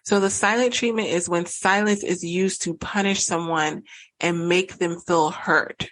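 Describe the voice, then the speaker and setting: A woman in her thirties hosts a solo podcast in a slightly low voice. She explains in an earnest, conversational way. She voices both partners in an argument as she talks. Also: fairly even intonation, unhurried, a bit bright, rough recording. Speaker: podcast host and relationship coach.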